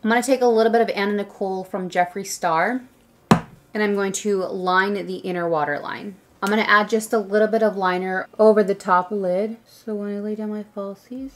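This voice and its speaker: A woman's voice: medium pitch, steady tone, normal speed, a little hiss or hum. A young woman chatting casually through a makeup tutorial, rambling and saying "like" a lot. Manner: chatty, rambling, says "like" often. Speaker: beauty vlogger.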